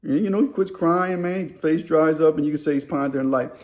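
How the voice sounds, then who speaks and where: Animated man telling a story. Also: on the high side, a little fast. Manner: animated, acts out other inmates' voices. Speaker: storyteller host. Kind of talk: casual spoken storytelling.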